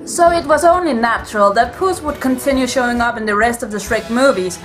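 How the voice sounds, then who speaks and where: A woman's voice: fairly high pitch, fairly quick, soft background music, close to an everyday voice. A woman playing a proud swashbuckling masked heroine with a put-on Spanish accent, speaking formally and grandly in a comedic movie review. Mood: grand narration.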